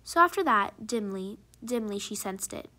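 A woman narrating a short story aloud in a measured, expressive reading. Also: mid-range voice.

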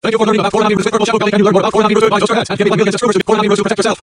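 A male channel host rambling excitably through a reading and his own commentary, exclaiming over and over, with the playback sped up. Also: high voice, racing, slight background noise. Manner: excitable, keeps exclaiming "oh golly".

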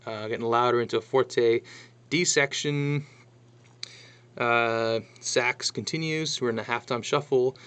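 A man teaching how to read a drum chart in a casual lesson, talking through it bar by bar and counting rhythms out loud. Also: medium pitch, steady tone, moderate pace, clear, resonant tone. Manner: chatty, counts rhythms aloud, thinks out loud. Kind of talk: casual music lesson walkthrough.

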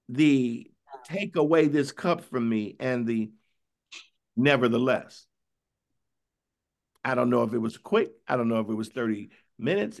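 Give me a man preaching a Bible study sermon, talking it through conversationally and reading verses slowly. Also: medium pitch, creaky. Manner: conversational, questioning, tag "right?" after points; reads scripture slowly and drawn out. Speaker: bishop preaching.

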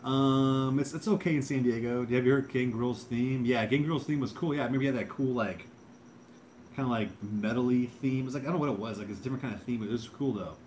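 A man's voice: medium pitch, quick pace, darkish tone, slight background noise. A man in his thirties hosting a casual livestream, reading out chat and rambling with lots of fillers and repeated words.

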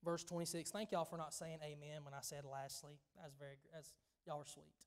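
High-voiced Southern pastor preaching emphatically. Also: male voice, level tone, a little fast. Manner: emphatic, conversational preaching with repetitions. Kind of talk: sermon. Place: church.

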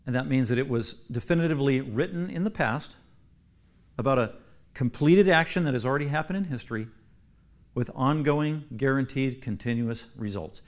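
A man's voice: mid-range voice, moderate pace. A man, a pastor, teaching a Bible class, emphatic and repeating key phrases for stress while asking the class questions.

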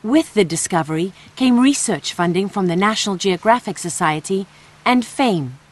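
A woman's voice: medium pitch, animated, normal speed. A woman working as a TV correspondent, giving scripted narration and asking short interview questions.

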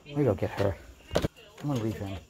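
A man who collects toys, giving casual running commentary with quick, blunt verdicts and casual swearing while shopping in a toy store. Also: lowish voice, over a noisy crowd. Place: busy toy store, indoors. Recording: crowded store noise behind.

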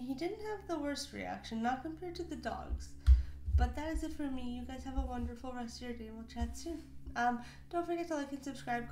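A woman's voice: a little high, a little mellow. A young woman hosting a casual reaction video, chatty and giggly, voicing what the pets might think. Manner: giggly, chatty, voices pets' thoughts. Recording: echoey room with faint noise.

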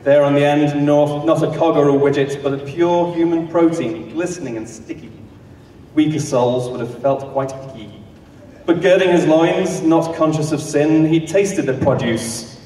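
A man's voice: a little high, normal speed, warm tone, a little hiss or hum. A man narrating a comic story in rhythmic rhyming verse, heard from a distance in an echoey hall. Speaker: comic performer.

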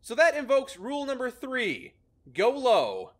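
A man's voice: very high-pitched, huge pitch swings, a little slow. A man hosting a gameplay video, explaining a maze-solving method in a casual, upbeat way and laughing often. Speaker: host explaining a maze algorithm in a game.

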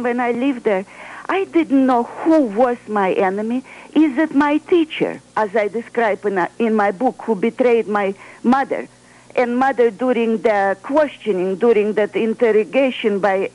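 A woman's voice: on the high side, a little mellow. A woman from Moscow with a Russian accent, an author speaking earnestly and emphatically as a guest in a radio interview, sometimes searching for English words. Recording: radio broadcast over telephone line.

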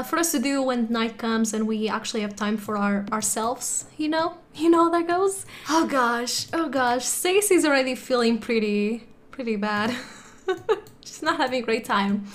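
A woman's voice: on the high side, expressive, a little slow. A woman hosting a casual let's play, chatty and giggly, often laughing as she talks to her game characters. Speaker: gaming channel host. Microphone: desktop USB microphone.

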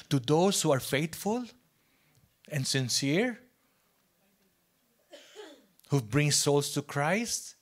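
A male pastor with a Filipino accent preaching a sermon. He swings from hushed near-whispers to loud, emphatic lines, and he often repeats and restarts phrases. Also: on the high side, lively intonation, very slow, pauses often.

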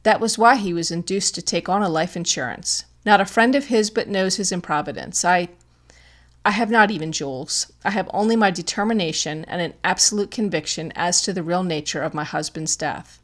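A woman's voice: on the low side, fairly quick, fairly bright tone. A woman voicing a grieving, widowed young mother who is proud and desperate, speaking with emotional pleading in an audiobook. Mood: grave.

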